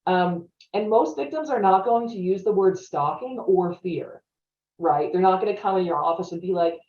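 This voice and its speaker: A woman's voice: on the low side, normal speed, a little mellow. Woman giving a chatty training talk, sounds far off in an echoey room, kinda dull audio. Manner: chatty, often adds "right?" to check in. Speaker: webinar presenter on stalking. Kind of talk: conversational training webinar talk.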